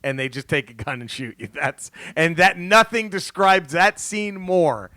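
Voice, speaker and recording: A man hosting a casual podcast chat, telling stories with lively acted-out quotes and frequent laughter. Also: a little high, measured pace, no room sound. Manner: animated storyteller, acts out quotes, laughs often. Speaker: podcast host.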